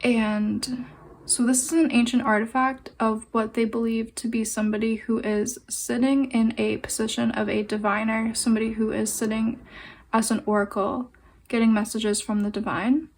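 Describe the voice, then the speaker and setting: A young adult woman giving a pick-a-card tarot reading, speaking gently and meandering with fillers and pauses. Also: a little high, little pitch movement. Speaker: tarot and oracle card reader.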